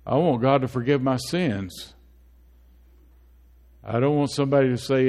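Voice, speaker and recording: A man's voice: medium pitch, moderate pace, pauses often, darkish tone, in a large hall. A male pastor preaching a sermon to his church, asking the congregation questions and building to emphatic, rising peaks.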